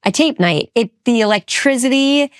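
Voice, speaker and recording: A middle-aged woman with a higher voice, chatting as a podcast guest and gushing with enthusiasm. She is recorded close and dry, with no room sound. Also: expressive, no echo. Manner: gushing, enthusiastic, quick to exclaim. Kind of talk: casual chat.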